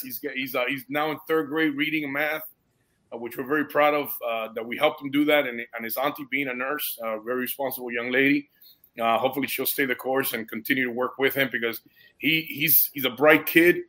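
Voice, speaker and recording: A man, a guest and foster parent, telling a story in animated casual conversation, dropping dude and bro and getting emotionally moved. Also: mid-range voice, brisk.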